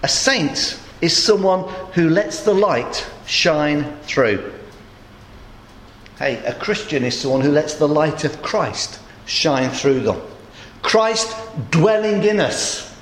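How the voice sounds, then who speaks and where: A man preaching a sermon in a conversational storytelling way, his voice a little groggy and hoarse. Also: fairly high pitch, lively intonation, takes it slowly, a bit bright, roomy sound, a little hiss or hum.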